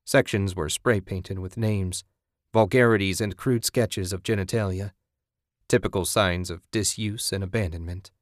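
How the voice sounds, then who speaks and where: Give me a low-voiced man narrating an audiobook, very dry sound. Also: normal speed, dry recording. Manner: steady, even storytelling.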